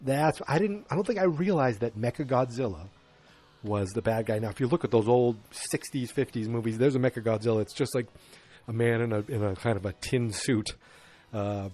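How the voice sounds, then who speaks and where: A man's voice: mid-range voice, a little fast, warm tone. A man hosting a podcast who recaps a film in a rambling, casual way, with sarcastic and self-deprecating asides. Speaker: podcast host.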